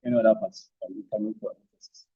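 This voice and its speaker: A man's voice: lowish voice, level tone, very fast, slightly rough. Man giving short physio commands. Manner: short commands mixed with explanations. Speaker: physiotherapy instructor. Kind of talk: hands-on demonstration with verbal cues. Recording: dull, lo-fi sound.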